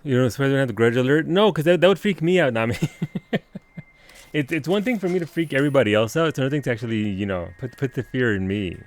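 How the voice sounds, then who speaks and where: Swearing and laughing frequently, a streamer talks fast over his gameplay and excitedly answers people in chat. His pitch is medium.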